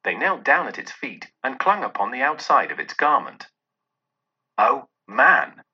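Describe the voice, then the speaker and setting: A man narrating a classic tale in a theatrical, expressive way, his voice husky but bright and piercing. His pitch swings widely, and the recording sounds dull and lo-fi. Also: normal speed. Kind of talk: dramatic storybook narration.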